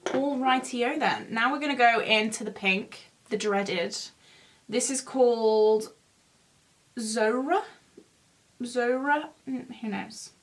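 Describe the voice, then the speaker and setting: A woman's voice: on the high side, slow pace, pauses often. A young woman in her twenties chatting in a rambling, self-mocking way while doing her makeup for a beauty vlog. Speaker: beauty vlogger. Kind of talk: casual get-ready-with-me chat.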